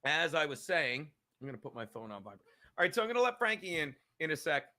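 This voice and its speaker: A man's voice: fairly high pitch, animated, fast talker, bright, forceful tone. A male podcast host in a profane live-stream rant, angry and emphatic, swearing constantly and repeating his points.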